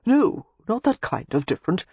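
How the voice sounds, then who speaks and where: A woman's voice: on the low side, very animated, normal speed, gravelly, a little mellow, breathy edge, no room sound, pitched above the performer's own voice, heavily acted. A woman voicing an ardent young English lord who makes earnest, flowery declarations. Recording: slightly muffled lo-fi recording.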